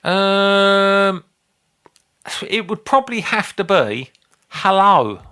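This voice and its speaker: Sweary man, bright voice. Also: sits high, very animated, very slow, smooth. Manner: sweary, blunt, rambling. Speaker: podcast co-host. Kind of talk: casual comedy chat.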